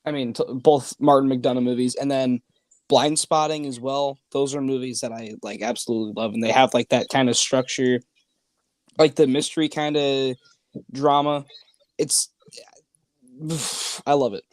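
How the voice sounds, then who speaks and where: A man guesting on a live online chat, rambling easily with plenty of fillers. His voice sits at an ordinary middle pitch. The recording is dry and close. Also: steady tone, normal speed, dry recording. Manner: easygoing, rambling, lots of "like".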